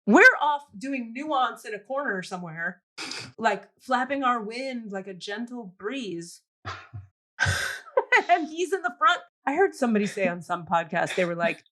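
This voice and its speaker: A woman's voice: on the high side, moderate pace, a bit bright. A woman co-hosting a podcast, ranting animatedly about politics in casual chat, with frequent swearing. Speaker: podcast co-host.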